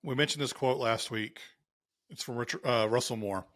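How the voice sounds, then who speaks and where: A man co-hosts a casual, conversational podcast, sounding earnest and measured. His voice is mid-range and a bit bright, captured in clean studio sound with no room sound.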